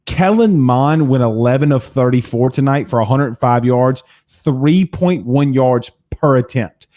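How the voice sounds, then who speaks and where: A man's voice: medium pitch, unhurried, mellow. Angry guy hosting postgame show, swearing a lot, fed up. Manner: cursing, heated and exasperated. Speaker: sports talk show host.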